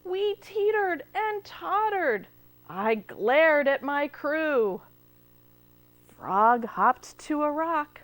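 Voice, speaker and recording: A woman librarian with a very high voice slowly reads a picture book to kids in a cable TV studio. Her delivery is expressive, with gasps and questions aimed at the little ones.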